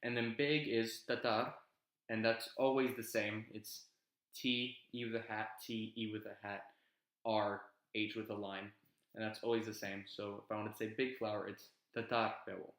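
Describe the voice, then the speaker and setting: A young man casually teaching his invented language, relaxed and rambling, with many ums and self-corrections. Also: fairly low pitch, normal speed, reverberant. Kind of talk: casual explanatory lesson.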